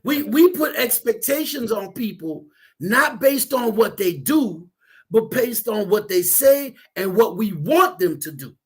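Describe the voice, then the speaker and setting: A man's voice: sits high, lively intonation, a little slow, breathy edge. A counselor on a radio talk show who tells a parable and often repeats words as he starts a sentence. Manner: storytelling, acts out voices in a parable.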